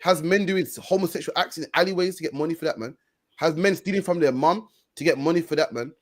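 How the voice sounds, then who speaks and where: A man's voice: a little high, quick pace. A man preaching on a stream, repeating himself for emphasis and ending phrases with "man.". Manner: preachy, repeats "man" and "all you care about". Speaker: street preacher co-host. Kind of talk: stream discussion.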